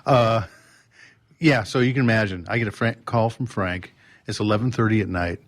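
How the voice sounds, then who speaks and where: A man as a podcast guest, telling a story with lively restarts and acting out voices and sounds. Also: on the low side, normal speed. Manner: animated, acts out quotes and sounds, many restarts. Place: drum showroom.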